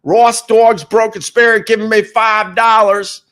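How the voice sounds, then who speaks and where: A man's voice: sits high, steady tone, unhurried. A middle-aged man hosting a casual livestream, reading viewer comments and rambling with repeated words. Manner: rambling, repeats words, sudden loud jumps. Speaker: radio host and livestreamer.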